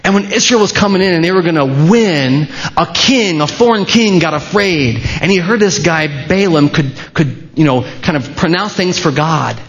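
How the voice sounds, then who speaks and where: A man's voice: fairly high pitch, lively intonation, normal speed, few pauses. Man preaching a conversational sermon. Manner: conversational preaching with restarts and asides. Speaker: pastor. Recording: dull, lo-fi sermon recording.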